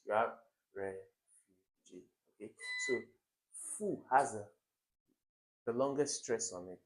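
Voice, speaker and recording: A man's voice: medium pitch, darkish tone, poor audio. A man with a Nigerian English accent, an exam tutor talking through test questions, explaining step by step, repeating key words, and chuckling at wrong answers. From Africa.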